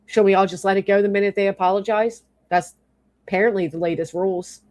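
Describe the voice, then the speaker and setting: A female YouTube streamer with a mid-range, darkish voice rants fast and with fairly even intonation. Angry and fed up, she curses often, stopping now and then to thank commenters whose messages she reads aloud.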